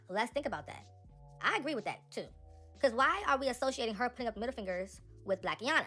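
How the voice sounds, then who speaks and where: A young woman giving casual, animated celebrity gossip commentary, talking straight to her viewers. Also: a little high, quick pace, slightly rough, faint music behind.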